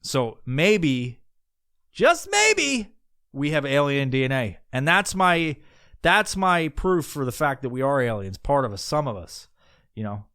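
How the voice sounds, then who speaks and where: A man's voice: medium pitch, animated, a little slow, a bit bright, clear, resonant tone, no room sound, clean studio sound. A man hosting a podcast, rambling casually in profane talk with many restarts. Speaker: podcast host.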